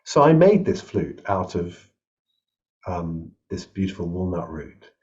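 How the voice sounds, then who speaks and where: Man, composer guest, casual storytelling, animated, very lively pitch, dull webcam audio. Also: measured pace. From England. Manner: animated, acts out voices in anecdotes, laughs often. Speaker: composer and flute maker, guest. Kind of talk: casual storytelling over a video call. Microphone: webcam on a video call. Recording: slightly dull lo-fi call audio.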